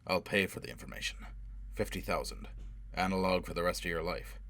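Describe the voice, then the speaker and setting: Low-voiced narrator as a relentless avenger, harsh, pushing, audiobook. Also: male voice, fairly quick, a bit bright. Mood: demanding. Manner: harsh, driving interrogation. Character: brutal, obsessed man hunting for revenge. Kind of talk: audiobook character voice.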